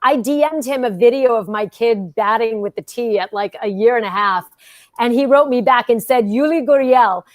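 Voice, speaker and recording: A woman's voice: a little high, normal speed, dry recording. A woman from Queens with a New York accent, co-hosting a casual panel show and telling stories with emphatic energy. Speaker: co-host and reporter. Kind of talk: casual panel chat and opinion segment.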